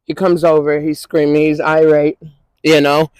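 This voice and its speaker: A woman's voice: low-pitched, level tone, normal speed, darkish tone, no echo, low-quality recording. A woman from the Twin Cities in Minnesota, a guest in an interview, recounting a personal story in a loose, repetitive, conversational way. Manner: repetitive, conversational storytelling full of "you know what I'm saying". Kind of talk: emotional personal testimony.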